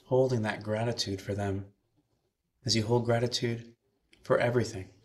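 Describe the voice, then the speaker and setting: A man minister leading a slow, soothing guided meditation with breathing cues, then speaking to a chapel congregation. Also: on the low side, fairly even intonation.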